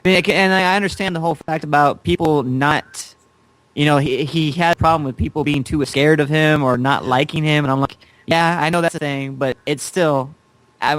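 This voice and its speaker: A man's voice: fairly high pitch, dry recording. A man co-hosting a casual chat, talking earnestly and rambling with restarts. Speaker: co-host.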